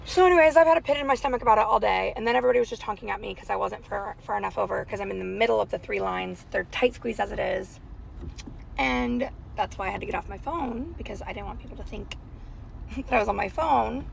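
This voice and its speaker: A woman's voice: mid-range voice, quick pace, gravelly, slight background noise, low-quality recording. A young woman telling a rambling, anxious storytime in a casual vlog, recorded on her phone while sitting in a car in a school pickup line. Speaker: parent vlogger. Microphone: phone held in car.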